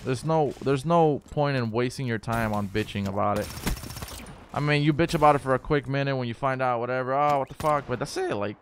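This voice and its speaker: A man's voice: mid-range voice, brisk, a little hiss or hum. Casual swearing gaming streamer, a man. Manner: rambling, swears freely, chats to viewers. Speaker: gaming livestreamer. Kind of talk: casual livestream chat while playing.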